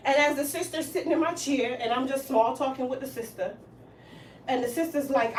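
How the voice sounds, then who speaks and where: A woman with a fairly high voice, chatting in her hair salon and telling a story. She acts out each person's lines with plenty of laughter. She sits back from the mic in a roomy space, with a faint hiss underneath. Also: fast talker, recorded from a distance. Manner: animated, acts out quoted lines, laughs often. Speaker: hairstylist and salon owner. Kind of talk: casual storytelling chat.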